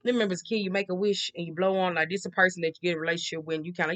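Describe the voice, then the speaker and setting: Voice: mid-range voice, fairly even intonation, rapid-fire, a bit bright. A tarot reader giving a casual monthly reading in a blunt, profane, rambling way, repeating the same tics and often checking in with the listener. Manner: blunt and profane, with frequent slang.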